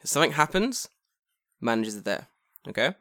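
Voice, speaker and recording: A man's voice: medium pitch, brisk, dry recording. Podcast co-host, young man, casual and swearing, dry studio voice. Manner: profane, animated storytelling with acted quotes. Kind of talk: casual storytelling chat.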